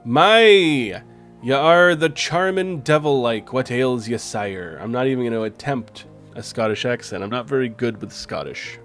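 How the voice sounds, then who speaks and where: A man streaming a game, commenting casually, swearing freely and reading on-screen text aloud. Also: mid-range voice.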